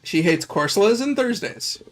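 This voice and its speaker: A man with a somewhat high voice that swings widely in pitch, chatting on a stream. He laughs easily and teases his friend. His delivery stays loose and animated. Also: moderate pace. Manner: laughs often, animated and teasing. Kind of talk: casual chat on a livestream.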